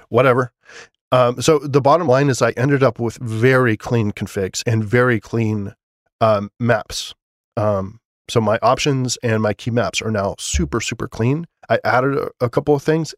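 A man's voice: mid-range voice, no room sound. Casual rambling man, dry close mic. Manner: casual, rambling, many fillers and restarts; enthusiastic about his setup. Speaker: podcast host. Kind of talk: solo podcast monologue.

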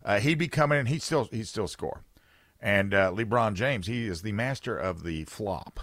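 A man's voice: lowish voice, animated, moderate pace, a bit bright, no room sound. A man hosting a talk radio show, rambling and sarcastic in an opinionated chat from a studio.

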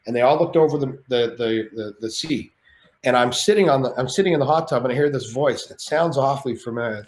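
Guy rambling through a wild story, cussing a lot, mid-pitched, echoey room. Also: a little fast, slight background noise. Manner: animated, profane, rambling. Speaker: podcast guest. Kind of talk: casual storytelling.

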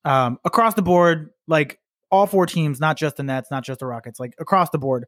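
A man's voice: on the high side, moderate pace, a bit bright, dry recording. Chill young guy co-hosting a podcast, kinda hesitant, dry mic. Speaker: podcast co-host. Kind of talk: casual podcast chat.

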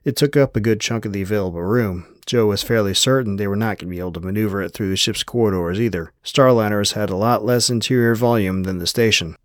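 Low-voiced male audiobook narrator. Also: quick pace, hardly any pauses, no room sound, clean studio sound. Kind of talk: scripted narration.

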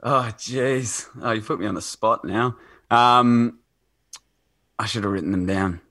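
A man's voice: fairly low pitch, measured pace, sharp tone, dry recording. A man chatting casually as a podcast guest, rambling with lots of fillers and restarts.

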